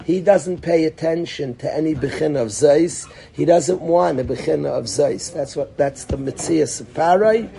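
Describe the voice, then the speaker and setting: Male rabbi giving a Torah class, warm and higher-pitched, acting out questions and answers as he thinks aloud. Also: moderate pace, creaky, hardly any pauses. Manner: sprinkles Hebrew and Yiddish terms. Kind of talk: Torah lesson.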